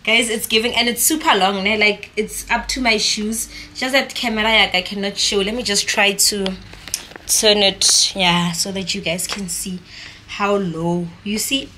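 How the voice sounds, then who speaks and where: A woman's voice: medium pitch, steady tone, measured pace, bright, forceful tone, a little hiss or hum. A young South African woman with a South African accent, chatting casually in her vlog and mixing English with her home language. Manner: chatty, switches between English and Sesotho/Setswana. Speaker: vlogger.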